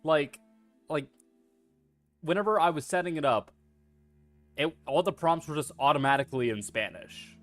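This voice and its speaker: A man's voice: a little high, moderate pace, pauses often, fairly bright tone, soft background music. Rambling, foul-mouthed male streamer. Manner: rambling, swears freely, self-deprecating. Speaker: VTuber streamer. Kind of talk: casual livestream chatter.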